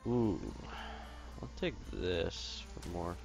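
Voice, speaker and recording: Gravelly low-voiced man thinking aloud. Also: takes it slowly, over music. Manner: thinking aloud, hesitant, apologetic. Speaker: gaming channel host. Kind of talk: casual gameplay commentary. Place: home room.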